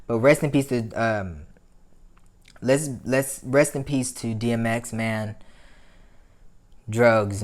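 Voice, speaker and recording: A man hosting a commentary show, talking frankly to his viewers, swearing freely and growing heated and emphatic as he makes his points. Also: medium pitch. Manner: frank, profane, addresses viewers as y'all. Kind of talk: casual opinion commentary.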